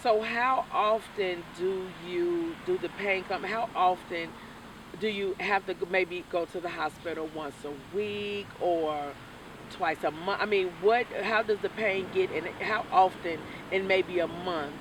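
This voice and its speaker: A woman's voice: fairly low pitch, measured pace. A woman hosting an interview, asking rambling and encouraging questions. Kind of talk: casual interview. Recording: faint noise, mic at a distance.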